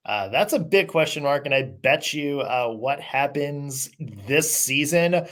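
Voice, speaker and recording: A man's voice: a little high, lively intonation, measured pace, fairly bright tone. A man hosting a sports podcast, chatting casually in an upbeat way with lots of fillers. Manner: upbeat, conversational with many fillers. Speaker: podcast host.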